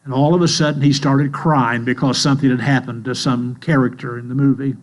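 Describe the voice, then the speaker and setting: An older man preaches in a church, telling his stories slowly and earnestly. His voice sits at an ordinary middle pitch. A faint mains hum runs under the recording. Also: steady tone. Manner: slow, earnest storytelling. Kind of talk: sermon.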